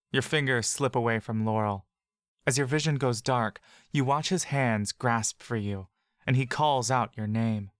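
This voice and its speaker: An audio drama narrator reading scripted fantasy narration in the second person, slow and measured. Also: medium pitch, no echo, clean studio sound.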